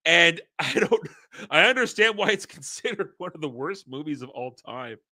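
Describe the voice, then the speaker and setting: Man, host, casual rant, very bright edgy tone, fairly high voice, exasperated. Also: moderate pace. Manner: animated, exasperated, acts out scenes. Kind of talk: casual movie rant vlog.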